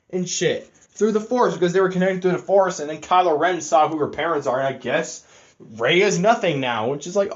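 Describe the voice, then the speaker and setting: Here a young movie reviewer rambles through a loose, foul-mouthed take on a film, stumbling over fillers and restarting often. He speaks at normal speed in a high-sitting voice with lively intonation, captured on slightly muffled lo-fi audio.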